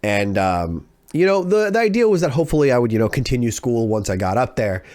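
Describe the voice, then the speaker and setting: A young man from California, hosting a podcast and telling a personal story in a casual, animated way, repeating phrases for emphasis. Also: mid-range voice, brisk, no echo. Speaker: podcast host.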